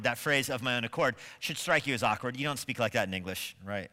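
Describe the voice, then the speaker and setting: Emphatic pastor with a bright voice. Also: male voice, lowish voice, expressive, brisk, hardly any pauses, long reverb tail. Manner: emphatic, building to forceful stresses; asks rhetorical questions of the congregation. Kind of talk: sermon. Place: church sanctuary.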